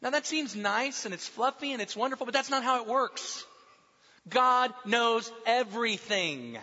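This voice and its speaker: High, bright-voiced male preacher in a hall. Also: animated, muffled recording. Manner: emphatic, drops soft and slow for quoted lines. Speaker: pastor. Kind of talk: sermon.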